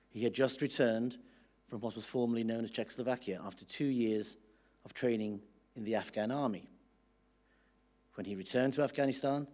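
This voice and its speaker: A man reading a statement on behalf of a widow at a public inquiry, measured and trailing off at the ends of phrases. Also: medium pitch, dark tone. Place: public inquiry hearing room.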